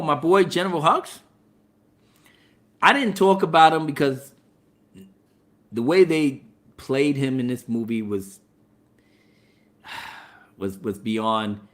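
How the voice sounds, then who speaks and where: A man giving a casual, profane spoiler movie review, talking in an animated way and laughing often. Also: medium pitch.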